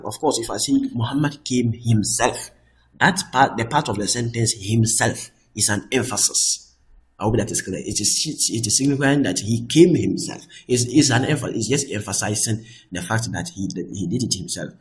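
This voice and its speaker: A man teaching a grammar lesson, patiently explaining rules and often checking that things are clear. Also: mid-range voice, animated. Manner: patient, repeats "I hope that is clear", restarts phrases; reads example phrases slowly and louder.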